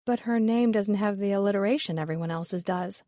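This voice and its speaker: A woman's voice: mid-range voice, brisk, warm tone, dry recording, studio quality, lightly acted. A woman reading the lines of a curious young woman newcomer in an audiobook, with a mild, inquisitive delivery.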